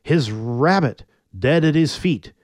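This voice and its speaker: Guy telling a story slow and playful, voice bouncing all over, dry close sound. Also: a little high, expressive, no room sound. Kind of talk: storytelling narration.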